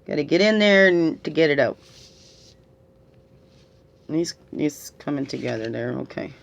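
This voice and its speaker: A woman's voice: low-pitched, animated, a little slow, vocal fry, dull audio. Woman, middle-aged, tearful spiritual reader; coaxing questions, frequent "right?", reflective pace. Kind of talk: reflective spiritual guidance talk.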